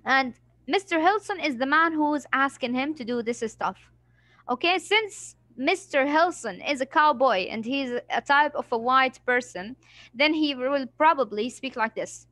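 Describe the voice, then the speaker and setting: Bright, high-voiced encouraging woman teacher. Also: expressive, unhurried, no echo. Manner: patient, encouraging, sprinkles in Arabic words. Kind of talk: reading lesson with students.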